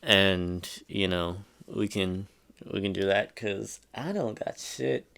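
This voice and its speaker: Slow, low, creaky, and a touch bright, this man's voice carries an exasperated solo podcast rant. He curses, meanders, and keeps losing the thread mid-sentence before starting over.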